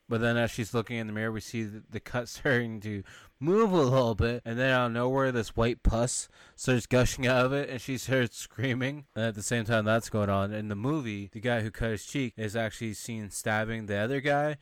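Male podcast host, casual film recap, dry close sound, wry quips and quick mock voices. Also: medium pitch, clear, resonant tone, no echo. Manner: retells scenes with quick put-on character voices and wry asides.

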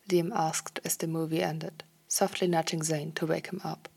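A woman reading a story aloud in a soft, partly whispered way. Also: low-pitched, flat delivery, normal speed, gravelly, hardly any pauses, breathy edge. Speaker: fan fiction reader.

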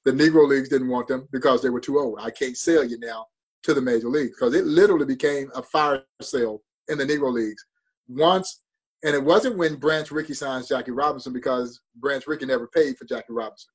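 A man's voice: mid-range voice, fairly quick, slightly rough, low-quality recording. A man telling a story with passion and drama as a guest on a talk show. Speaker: baseball museum guest. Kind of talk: storytelling interview.

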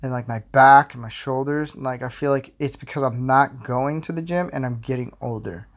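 A young man talks on his own podcast in loose, meandering chat. He stacks fillers and pokes fun at himself. His voice sits at an ordinary middle pitch. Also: moderate pace, lo-fi sound. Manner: rambling, filler-heavy, self-deprecating. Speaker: podcast host. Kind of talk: casual solo podcast rambling.

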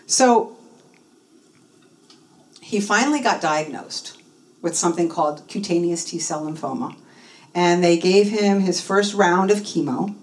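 Speaking unhurriedly with long pauses, a middle-aged woman with a fairly low voice shares a personal story in an interview. She's animated, acting out the people in it with feeling, and sounds a bit distant from the mic.

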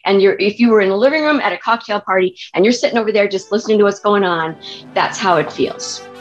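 A woman's voice: mid-range voice, fast, highs cut off, soft background music. A woman from California, a theater director and actress, telling stories in a chatty way with many restarts and fillers. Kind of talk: interview storytelling.

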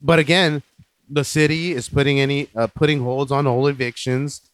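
A man co-hosting a casual podcast, relaxed and reassuring, swearing freely. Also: mid-range voice, normal speed, no room sound. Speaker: podcast co-host.

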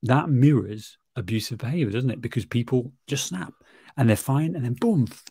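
A man's voice: medium pitch, expressive, normal speed, mellow, husky, dry recording. A man reflecting on a film in casual chat, thoughtful, often restarting, and sweary.

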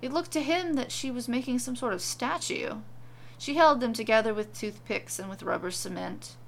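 A woman narrating a comic storybook tale with a deadpan, wry delivery. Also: on the high side, normal speed, gravelly.

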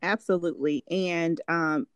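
A woman's voice: lowish voice, fairly even intonation, measured pace, smooth, no room sound. A woman hosting a faith podcast, affirming and encouraging her guest in casual talk. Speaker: podcast host.

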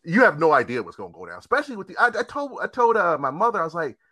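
A man hosting a casual chat, ranting in an animated, profane, emphatic way. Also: sits high, rapid-fire, few pauses, dry recording.

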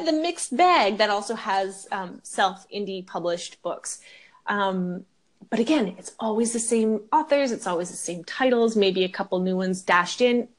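Candid ranting young woman podcaster. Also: medium pitch. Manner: candid, ranting, swears freely. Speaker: podcast co-host. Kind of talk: casual chat.

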